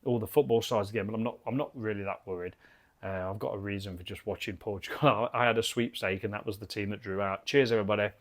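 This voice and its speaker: A man's voice: fairly low pitch, steady tone, quick pace. A British man giving a chatty, enthusiastic and rambling beer review from his garden cabin bar. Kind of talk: casual video review.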